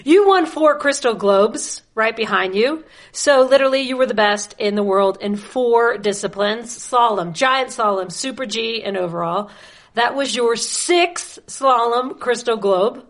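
A woman's voice: fairly high pitch, lively intonation, a little slow. A woman hosting an interview, playful and teasing, reading out a list of achievements. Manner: playful, teasing, reads out lists. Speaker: podcast host. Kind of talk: casual interview.

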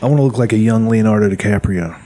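A man's voice: on the low side, fast, mellow, a little hiss or hum. A man in casual podcast chat, making dry wisecracks. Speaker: podcast co-host.

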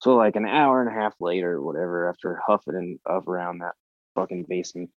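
A man with a very deep, low voice tells his story in loose, animated conversation, cursing freely and acting out what he said in the moment. The sound is dry and close, and the audio is a bit dull and muffled. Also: brisk, no echo. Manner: animated, swears freely, acts out his own reactions. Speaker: podcast guest.

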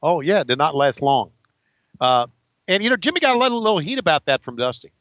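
A podcast co-host riffing on old wrestling in a jokey, playful way. His voice is bright and a bit high for a man. The recording is dry and slightly muffled. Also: very animated, brisk, no echo. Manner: jokey, mimics wrestler promos. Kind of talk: comic wrestling commentary.

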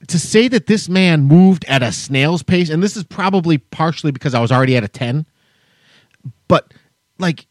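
A man's voice: a little high, no echo, studio quality. A man co-hosting a podcast, telling a long story as a heated, profane rant. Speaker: podcast co-host. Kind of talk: casual chat, storytelling rant.

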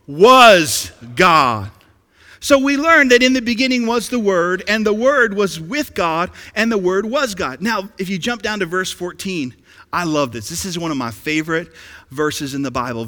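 A male pastor preaching a sermon, animated, dropping to hushed lines and rising to excited peaks. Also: sits high. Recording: echoey hall.

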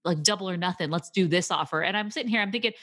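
Woman podcast co-host, lower pitch, animated storyteller recapping a film. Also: racing, breathy edge. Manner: animated retelling with laughter. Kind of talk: casual movie discussion.

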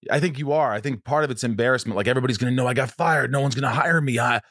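A male actor hosting a candid conversation, an animated storyteller who acts out what people said. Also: mid-range voice, racing, dry recording, studio quality. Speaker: actor host.

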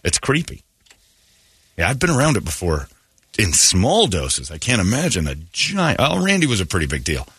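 A man's voice: fairly low pitch, moderate pace, husky, dry recording, studio quality. A man hosting a morning radio show, chatting casually and acting out the voices of the people in his stories. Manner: animated storyteller who acts out quoted voices.

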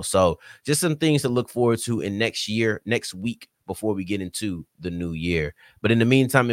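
Man, sports podcast host, low voice, dry close sound, casual chat to listeners. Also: no echo. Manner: casual, talks straight to listeners; slight country twang at times. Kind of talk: solo sports commentary podcast.

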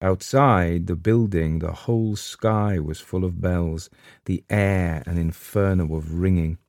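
A man reading a supernatural short story aloud in a measured, steady narration. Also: deep voice, no room sound, studio quality. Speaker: audiobook narrator. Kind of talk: scripted narration.

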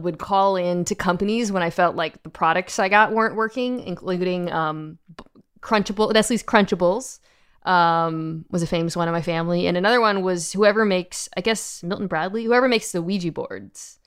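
A woman guest in casual podcast chat, talking in a flat, dry way. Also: on the low side, clear, resonant tone. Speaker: football analyst guest.

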